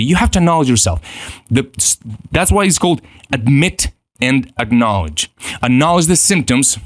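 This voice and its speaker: An animated man coaching a self-help lesson, his pitch swinging widely as he acts out little inner voices. He repeats and restarts as he teaches. The sound is dry and close, with no room echo. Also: unhurried. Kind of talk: motivational teaching.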